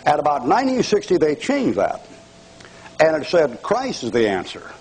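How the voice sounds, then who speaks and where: Taunting older preacher, animated pitch. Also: male voice, normal speed, breathy edge, poor audio. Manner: taunting, mocking audience, bursts of laughter. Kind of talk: televised fire-and-brimstone sermon.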